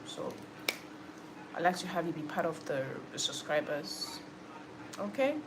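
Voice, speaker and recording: A woman's voice: low voice, expressive, unhurried, noisy background. A young woman hosting a livestream, chatting casually with viewers, laughing often and answering comments. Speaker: livestream host and musician.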